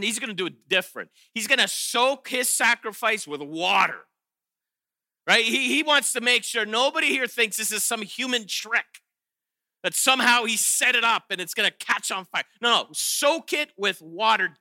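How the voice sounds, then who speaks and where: A man preaching a sermon, animated and playful, often restarting his sentences and acting out quotes with sarcasm. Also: sits high, dry recording, clean studio sound. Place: chapel or auditorium.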